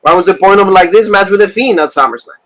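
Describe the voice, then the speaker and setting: A man co-hosting a casual wrestling review show, talking in animated rants full of fillers and repeated phrases. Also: sits high, fast, rough recording. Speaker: podcast co-host.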